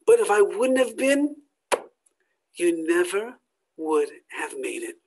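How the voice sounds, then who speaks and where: Preacher voicing a male smuggler, gruff, slow, emphatic, in a sermon story. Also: medium pitch, sing-song, a little hiss or hum, rough recording. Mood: remorseful. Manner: threatening shouts, later hushed apologies. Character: gruff male smuggler, harsh then remorseful.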